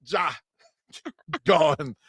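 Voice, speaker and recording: A man hosting a casual gaming podcast, animated and joking, repeating phrases and breaking into shouts. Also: a little high, drawn-out words, breathy edge, no echo. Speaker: podcast host.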